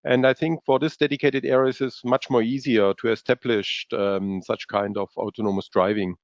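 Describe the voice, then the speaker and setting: A man speaking as a guest expert in a webinar presentation, halting with many fillers and non-native English phrasing. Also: mid-range voice, flat delivery, no echo. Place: based in Europe. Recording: dull, lo-fi webinar audio.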